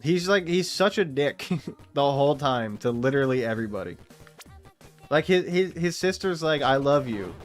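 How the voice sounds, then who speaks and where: A man's voice: on the high side, lively intonation, normal speed, soft background music. Rambling, swearing young man streaming a game. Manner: rambling, profane, laughs often. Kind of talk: casual gaming chat.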